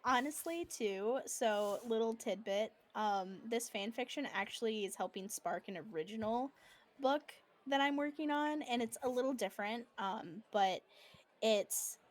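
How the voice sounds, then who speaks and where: Guesting on a live-stream chat, this fan fiction writer is a woman with a slightly high, unhurried voice. She's bubbly and casual, laughing a lot and using plenty of fillers.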